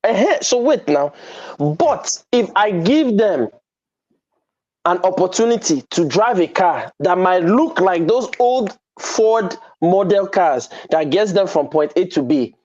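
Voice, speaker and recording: A man's voice: high voice, animated, takes it slowly, darkish tone. A man, hosting a heated panel debate, emphatic and provocative, sometimes slipping into pidgin. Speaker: host. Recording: dull lo-fi sound.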